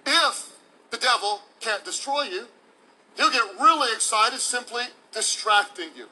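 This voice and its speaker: A man preaches a sermon in a voice pitched unusually high for a man. His tone is bright and forceful. He delivers it emphatically, with playful demonstrations for the congregation. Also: expressive, measured pace, poor audio. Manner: emphatic, playful preacher who acts out examples. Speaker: pastor.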